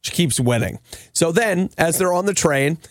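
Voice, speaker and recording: Radio co-host, male, congested with a cold, lively mock-exasperated storyteller, slightly higher voice, dry close mic. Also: moderate pace, no room sound. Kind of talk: casual banter on air.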